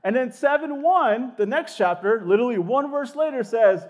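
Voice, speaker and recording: Young guy pastor, casual chatty sermon, pretty high voice, lots of like and you know. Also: moderate pace. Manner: animated, casual preaching with many "like" fillers.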